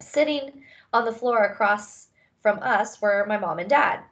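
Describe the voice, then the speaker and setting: A woman reading a children's novel aloud in a calm, measured way. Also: medium pitch, highs cut off. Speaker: reader.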